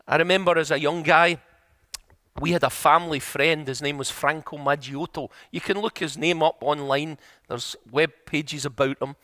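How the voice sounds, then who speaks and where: A middle-aged male preacher delivers a sermon in an earnest, story-driven way, pressing his points home with repetition. His voice sits high for a man. The sound is close and dry, with little room echo. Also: fairly even intonation, normal speed, pushed and bright. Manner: earnest, storytelling, building to emphatic repeated points. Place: church.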